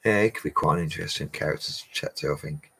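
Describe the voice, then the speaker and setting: A low-pitched man chats casually through a livestream Q&A. He is a bricklayer answering viewers' questions in a matey, easygoing way and laughs often. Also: fast, gravelly, pushed and bright, slightly rough.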